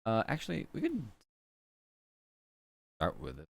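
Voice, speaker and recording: A man's voice: lowish voice, wildly swooping pitch, unhurried, gravelly, no room sound. A man streaming as a virtual character, chatting casually and muttering to himself while he works. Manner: muttering to himself while working, scattered fillers. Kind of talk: casual work stream chat.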